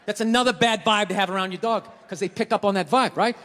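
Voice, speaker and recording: A man performing a stand-up comedy routine, ranting in exasperation and shouting his punchlines. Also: sits high, fast talker. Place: comedy theater stage. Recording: live hall reverb, crowd laughter and noise.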